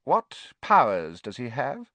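A man voicing a brisk, businesslike shopkeeper witch in an audiobook reading. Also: mid-range voice, wildly swooping pitch, sharp tone, dry recording, exaggerated voice.

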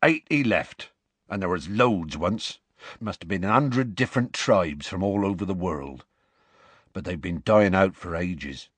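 A man voicing a huge rough-spoken half-giant gamekeeper with a folksy country dialect and dropped letters, telling a story at an unhurried pace. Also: low voice, animated, dry recording, full character voice.

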